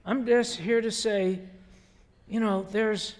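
A man playing a gentle, overly soft-spoken preacher who speaks in a coaxing, apologetic way. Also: high-pitched, steady tone, takes it slowly, big-room sound. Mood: mock gentle.

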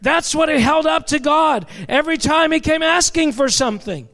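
High-voiced impassioned male preacher. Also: moderate pace, gravelly, hardly any pauses. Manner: impassioned, building to shouts. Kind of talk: sermon.

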